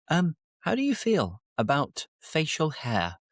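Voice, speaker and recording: A British man hosts a podcast for English learners and speaks slowly and clearly. His pitch swings a lot as he jokes and acts out little bits. The sound is dry and close to the mic. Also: no echo. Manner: playful, lively and animated. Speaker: English teacher and podcast host. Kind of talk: slow, clear podcast teaching.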